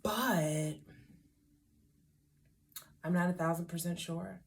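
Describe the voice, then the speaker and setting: Slow, low-voiced woman chatting to herself. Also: vocal fry. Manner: rambling, self-talking, wry asides. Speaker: hair vlogger. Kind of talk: casual tutorial chat.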